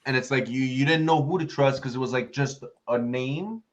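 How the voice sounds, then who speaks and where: A man's voice: medium pitch, normal speed. A man heard through dull, lo-fi audio, talking casually on a podcast roundtable. He tells stories and acts out his friends' lines as he goes. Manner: storytelling, acts out quoted friends.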